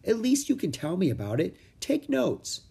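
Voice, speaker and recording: A man's voice: high-pitched, huge pitch swings, normal speed, vocal fry, warm tone, slightly rough, voice pushed up, exaggerated voice. A man voicing an outspoken young girl in a children's storybook reading, eager and indignant. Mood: cheerful.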